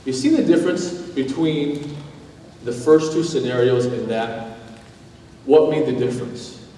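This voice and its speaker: Animated male pastor in echoey hall. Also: medium pitch, measured pace, a little hiss or hum. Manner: animated, acts out scenarios in quoted voices. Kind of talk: sermon. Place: church sanctuary. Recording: echoey church hall, mic heard from a distance.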